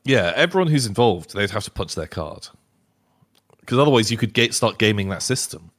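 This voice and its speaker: A man co-hosting a podcast in casual chat, playful and quick to laugh. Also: on the low side, lively intonation, a bit bright. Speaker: podcast co-host.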